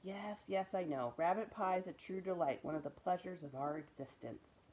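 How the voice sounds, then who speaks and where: A woman voicing a huge, gentle bearded man who speaks in a formal, genteel way. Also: on the low side, normal speed, natural voice, poor audio. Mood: kindly.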